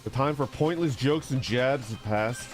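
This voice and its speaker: A man's voice: mid-range voice, measured pace. A man streaming a game, joking, laughing, and reading dialogue aloud with game music in the background. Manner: goofy, laughing, jumps between silly voices and reading.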